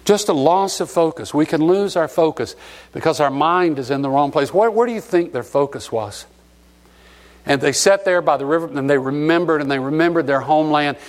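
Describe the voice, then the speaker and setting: A man's voice: fairly high pitch, a little fast. A middle-aged man from Alabama preaching a sermon, sentimental and emotional as he tells stories. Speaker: pastor.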